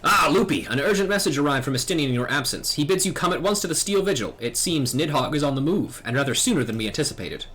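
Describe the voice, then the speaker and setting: A man's voice: a little high, expressive, quick pace, hardly any pauses, a bit bright, slightly rough, pitched above the performer's own voice. A man voicing an old, stern knight mentor, reading game dialogue aloud in a solemn, formal way. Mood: urgent.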